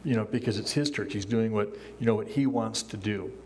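An older man, a pastor, preaching a sermon from a church pulpit in a relaxed, conversational way, chuckling often and acting out the lines he quotes. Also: on the low side, a little fast, a little hiss or hum. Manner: acts out quoted lines in a raised voice.

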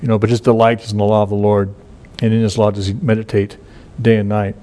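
A man's voice: fairly low pitch, flat delivery, quick pace, dark tone. A middle-aged male pastor gives an informal Bible teaching, talking conversationally with many fillers and restarts and reading scripture aloud.

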